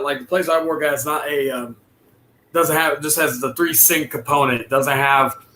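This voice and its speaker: A man's voice: mid-range voice, pushed and bright. A man chatting casually about his kitchen job, rambling with many restarts and fillers. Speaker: dishwasher and cook. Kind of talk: casual chat on a live stream.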